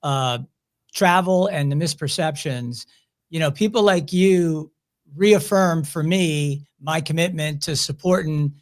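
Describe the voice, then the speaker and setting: Brief: male host, Philly accent, somewhat high voice, talkative and rambling. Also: measured pace. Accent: Philadelphia. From Chicago area. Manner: chatty, long rambling questions with restarts. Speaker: podcast host. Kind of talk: casual interview.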